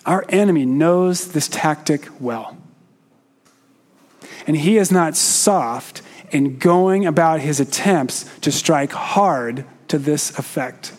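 A man gives a sermon in slow, careful phrases broken by many pauses, sometimes addressing questions to the listeners in the pews. His pitch is fairly high.

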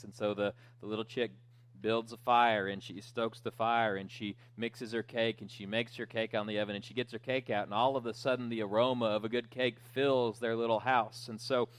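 A man preaching as pastor, telling a children's story with asides and jokes in a relaxed, conversational way. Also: on the low side, moderate pace, clean tone. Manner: joking storyteller, lively and conversational. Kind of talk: sermon.

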